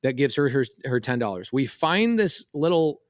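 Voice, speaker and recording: Dad telling an animated story. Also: male voice, mid-range voice, moderate pace, no room sound, studio quality. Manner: animated, quotes voices in a story. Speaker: podcast co-host. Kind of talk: casual storytelling chat.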